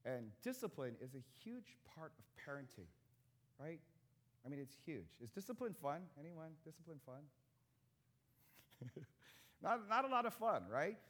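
A man's voice: fairly high pitch, sing-song, moderate pace, long pauses, fairly bright tone. A man in his thirties preaching a sermon in a church, conversational and joking with the congregation. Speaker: pastor.

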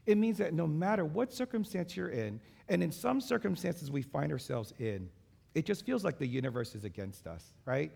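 Male pastor, 30s to 40s, slightly high gravelly voice, conversational sermon with fillers and repeats. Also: sing-song, moderate pace, a little mellow.

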